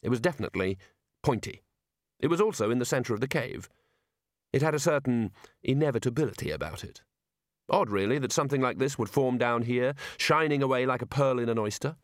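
A male narrator reads a comic fantasy with a wry, expressive delivery, his pitch rising and falling freely through the sentences. His voice sits at a middle height and the recording is close and dry, with no room sound. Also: brisk, dry recording. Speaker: audiobook narrator. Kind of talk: scripted narration.

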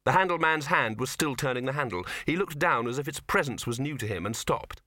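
A man's voice: mid-range voice, lively intonation, a little fast, pushed and bright, dry recording. A man narrating a comic novel as an audiobook reader, read close to the mic. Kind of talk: scripted narration.

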